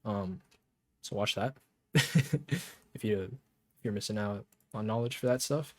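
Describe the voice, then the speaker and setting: A man coaching players on a shooter game, talking casually to camera with lots of fillers and restarts, then turning lively and emphatic. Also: on the low side, slow. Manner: rambling with many fillers, grows lively and emphatic.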